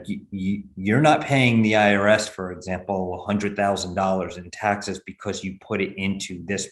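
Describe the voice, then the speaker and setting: A man with a very low voice explains benefit plans as a guest in a podcast interview. He talks at length and often restarts his sentences. The recording has a roomy echo around his voice. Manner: explanatory, many restarts and fillers.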